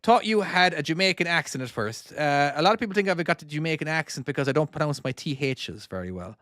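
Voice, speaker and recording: A man's voice: on the high side, lively intonation, fast talker, hardly any pauses, fairly bright tone, no room sound, studio quality. A man in his forties with a Cork Irish accent, chatting casually on a livestream while he plays his own game and reads out comments, rambling and often repeating and restarting his words. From Ireland (Cork). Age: 40s. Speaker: indie game developer and streamer.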